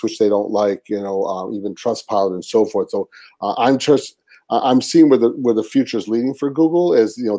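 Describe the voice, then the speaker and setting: A man speaking as a guest expert on a webinar over a video call, measured and hesitant with many fillers. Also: on the low side, warm tone. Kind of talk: casual expert explanation.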